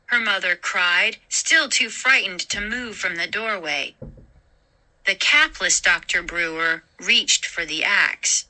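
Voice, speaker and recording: A woman host narrating a scary story in a slow, dramatic reading. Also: mid-range voice, pushed and bright, low-quality recording.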